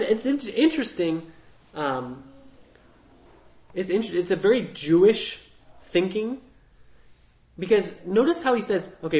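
Male Bible teacher, slightly higher voice, relaxed conversational delivery with asides. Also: low-quality recording. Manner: conversational, thinking aloud with fillers and "right?".

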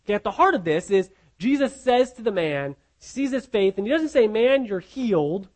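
High-voiced man preaching conversationally. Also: sing-song, fairly quick. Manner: conversational teaching with frequent restarts and rhetorical questions. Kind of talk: sermon.

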